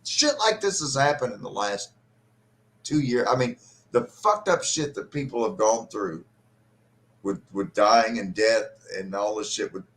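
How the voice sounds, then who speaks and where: Low male voice, middle-aged host, swearing, raw emotional story. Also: animated, unhurried, a bit bright. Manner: profane, emotional and bitter storytelling. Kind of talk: casual storytelling on a live stream.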